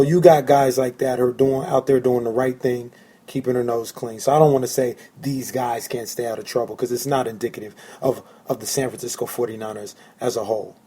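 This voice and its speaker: Excited sports podcaster, a man. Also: mid-range voice, slightly rough. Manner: excited, emphatic, repeats phrases for effect. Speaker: podcast host. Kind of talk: solo sports fan podcast.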